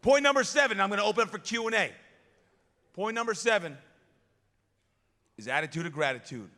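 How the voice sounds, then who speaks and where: Energetic male chapel speaker, high and bright, in a reverberant hall. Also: fairly quick. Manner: energetic, call-and-response with the crowd. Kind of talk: motivational chapel talk.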